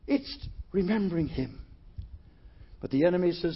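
A man preaching a sermon in a church, emphatic and rising to shouts on key phrases. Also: high-pitched, fairly even intonation, fast, a little hiss or hum. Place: church hall. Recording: dull lo-fi sermon recording.

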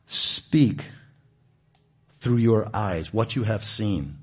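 A man delivers a relaxed sermon in a church meeting room, talking with the group rather than at them. His voice sits low and has a husky edge. He tosses questions to the listeners and leans hard into the points he wants to land. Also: extremely slow. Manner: conversational, asks the audience questions, animated emphasis. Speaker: guest preacher. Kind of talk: informal sermon.

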